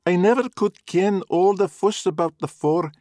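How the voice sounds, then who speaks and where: A high, piping old Glaswegian woman, dismissive and chattering, as a man puts her on for a storybook. She sounds loud and a touch removed from the mic, in a dry, close space. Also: normal speed, no room sound, natural voice. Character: shrill older Glaswegian woman, unimpressed mother.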